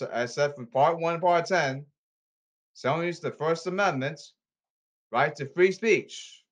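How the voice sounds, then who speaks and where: A man hosting a solo podcast, talking in a rambling, repetitive and emphatic way with halting stop-start phrases. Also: on the high side, a bit bright. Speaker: podcast host.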